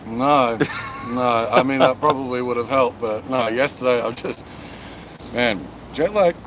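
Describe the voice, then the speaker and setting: A man's voice: medium pitch, unhurried, background noise. A laid-back man chatting casually while he has the hiccups. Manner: laid-back, laughing easily. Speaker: guest. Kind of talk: casual chat. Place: outdoors at a hotel poolside.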